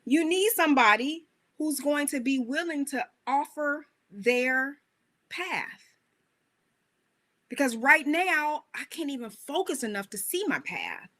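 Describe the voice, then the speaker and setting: A woman coach preaching a motivational message with animated emphasis and a fairly high voice. She talks to the crowd in a conversational way, tossing in rhetorical questions. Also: unhurried. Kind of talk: motivational talk, sermon-like.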